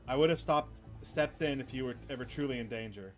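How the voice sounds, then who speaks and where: A man voicing a mysterious, menacing man who stalks the player character in a visual novel, speaking slowly and calmly. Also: medium pitch, soft background music, close to an everyday voice. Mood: ominous.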